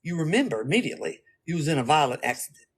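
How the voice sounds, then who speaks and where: A woman's voice: deep voice, very animated, racing, husky. A woman vlogging to camera in a blunt, profane way, acting out her own reactions as she talks. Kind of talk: casual talk to camera.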